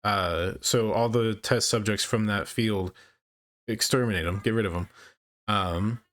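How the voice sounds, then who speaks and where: Man, podcast co-host, casual movie chat, relaxed, lowish voice. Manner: relaxed, chuckling, halting restarts.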